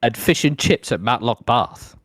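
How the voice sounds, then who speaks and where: A young man originally from Africa, co-hosting a podcast and telling a long story in a casual, swearing, animated way. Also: medium pitch, a little slow, no echo. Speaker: podcast co-host.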